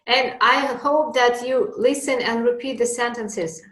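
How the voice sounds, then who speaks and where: A woman's voice: on the high side, steady tone, measured pace, fairly bright tone, reverberant, poor audio. A woman teaching an English lesson, patiently explaining with examples.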